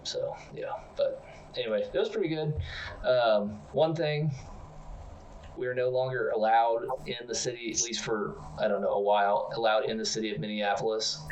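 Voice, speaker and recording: A man co-hosting a comedy podcast, telling absurd stories in a rambling, deadpan way. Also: mid-range voice, normal speed, distant mic, a little hiss or hum, low-quality recording. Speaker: podcast co-host.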